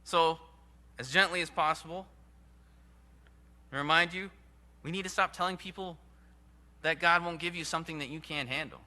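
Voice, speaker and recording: A man preaching a sermon in an earnest, emphatic way, with sudden rises and hushed drops. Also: fairly high pitch, moderate pace, long pauses. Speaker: pastor.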